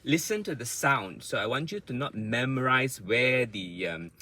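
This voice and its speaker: A man's voice: mid-range voice, expressive, normal speed, sharp tone, poor audio. A man teaching English pronunciation, patiently explaining word stress step by step, with frequent fillers. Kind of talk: pronunciation lesson.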